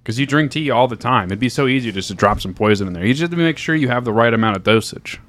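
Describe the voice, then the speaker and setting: A young man hosting a casual podcast chat, rambling and teasing in a deadpan way. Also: medium pitch, fast talker. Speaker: podcast host.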